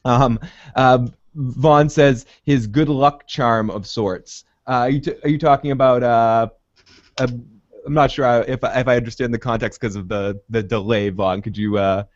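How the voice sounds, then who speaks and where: A man co-hosting a casual podcast chat, lively and quick to act out quotes from the show. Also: medium pitch, no room sound. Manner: animated, acts out quotes. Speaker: podcast co-host. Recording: dull dry audio.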